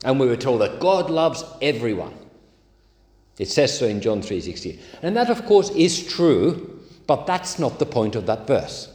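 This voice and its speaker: A man preaching a sermon, leaning hard and slowly on key words. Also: mid-range voice, very animated, a little mellow. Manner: emphatic, slow stresses on key words. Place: church. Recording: echoey church hall.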